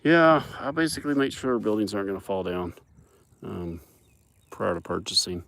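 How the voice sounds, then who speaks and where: Man on a livestream, low gravelly voice, joking with cows, outdoors in a pasture, phone camera. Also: lively intonation, moderate pace, fairly bright tone, a little hiss or hum. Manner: chatty, joking, talks to the animals. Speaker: livestreamer on a farm. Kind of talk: casual live-stream chat.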